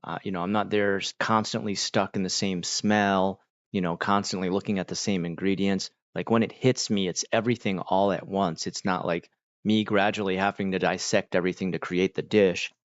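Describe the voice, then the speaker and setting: A lowish-voiced man rambles easily through a casual livestream chat, full of fillers. The sound is dry and a bit dull. He sounds unhurried and at ease. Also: dry recording. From United States. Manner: rambling, relaxed, many fillers. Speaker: livestream host.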